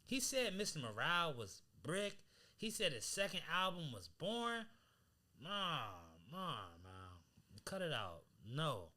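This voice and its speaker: A man co-hosting a podcast in casual chat, talking in an animated, emphatic way full of slang. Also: fairly high pitch, unhurried. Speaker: podcast co-host.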